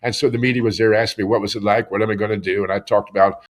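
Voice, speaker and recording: A middle-aged man from Pennsylvania earnestly tells his own story in a podcast interview, often repeating words as he starts a sentence. His voice is on the low side, racing along with fairly even intonation.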